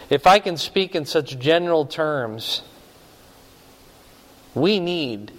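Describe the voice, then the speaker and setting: A man preaching a sermon in an earnest, emphatic way, slowing down to stress key words. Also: a little high. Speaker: pastor. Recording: reverberant hall.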